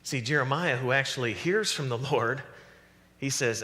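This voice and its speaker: Animated pastor preaching in a reverberant church. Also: male voice, medium pitch, normal speed. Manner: animated preaching, acts out voices of God and the prophets. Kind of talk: sermon. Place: church sanctuary.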